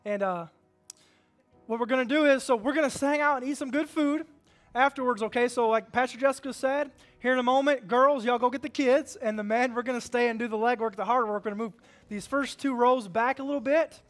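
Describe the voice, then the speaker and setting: A man's voice: extremely high pitch, brisk, soft background music. A man, a pastor leading a church service with upbeat, folksy talk. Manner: upbeat, folksy, says amen a lot. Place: church sanctuary.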